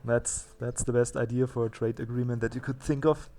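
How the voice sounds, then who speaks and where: Man, let's play host, gravelly, self-mocking, casual gameplay commentary, mid pitch. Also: level tone, a little fast, mellow, faint music behind. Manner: chatty, self-mocking, thinks aloud.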